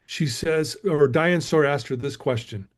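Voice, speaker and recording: A man's voice: fairly high pitch, normal speed. Emphatic middle-aged man telling a story. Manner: emphatic, repeatedly addresses listeners as "guys". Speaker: guest speaker. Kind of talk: motivational storytelling.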